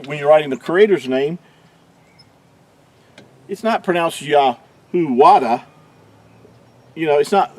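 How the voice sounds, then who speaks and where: A man giving an explanatory religious teaching, talking haltingly with many restarts and fillers. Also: on the high side, a little mellow.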